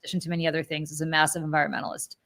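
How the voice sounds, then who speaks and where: A woman in her forties co-hosting a podcast, telling a story in a lively, casual way with many fillers and self-corrections. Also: sits low, racing. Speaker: podcast co-host.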